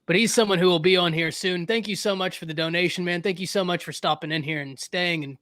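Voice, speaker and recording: A high-pitched man hosts a laid-back sports talk show. He jokes, stays lively, and repeats his points for emphasis. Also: fast talker. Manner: animated, joking, repeats phrases for emphasis.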